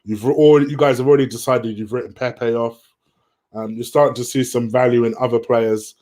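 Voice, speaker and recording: A man hosts a relaxed live stream, answering viewer questions as he goes in a loose, chatty way. His voice sits at a middle pitch and he talks fairly quickly.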